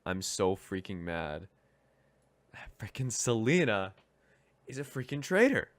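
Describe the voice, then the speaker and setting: A man's voice: lowish voice, big pitch swings, slow pace, no echo. A young man chatting casually as a game streamer, rambling with lots of fillers. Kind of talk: casual gaming commentary.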